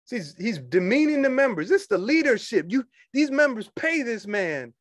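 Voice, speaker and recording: A man, a union organizer talking casually to fellow members, animated and quick to laugh and scoff. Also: sits high, no echo, studio quality. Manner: animated, laughs often, dismissive asides.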